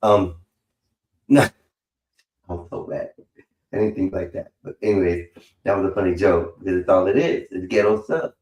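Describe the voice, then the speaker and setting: This streamer host has a low-pitched, darkish voice, speaking at a moderate pace with long pauses. In casual live-stream chat he's rambling, slangy and profane, saying bro constantly. The recording is rough and echoey.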